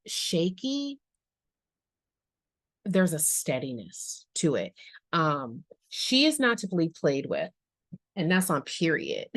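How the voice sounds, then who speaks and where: A woman's voice: sits low, dry recording. A woman giving a casual tarot reading, musing aloud and chatting to her viewers with slangy asides. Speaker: tarot reader.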